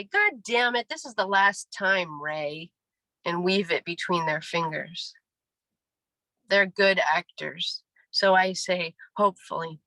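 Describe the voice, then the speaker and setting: A woman in her forties giving a wry, deadpan poetry reading. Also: on the low side, no echo, poor audio. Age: 40s. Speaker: poet. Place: reading venue.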